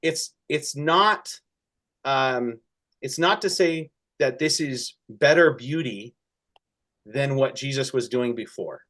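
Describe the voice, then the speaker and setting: With a medium, somewhat bright voice, a pastor joins a conversational church discussion. He speaks earnestly, haltingly, with many restarts, and his feeling audibly rises.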